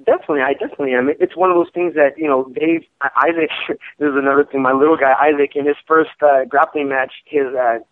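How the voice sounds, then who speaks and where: A man's voice: a little high, fairly even intonation, quick pace, no echo. A man, a fighter, talking casually in an interview and rambling with lots of repeated fillers. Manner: rambling, repeats "you know what I mean". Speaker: MMA fighter guest. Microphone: phone call. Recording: tinny phone line.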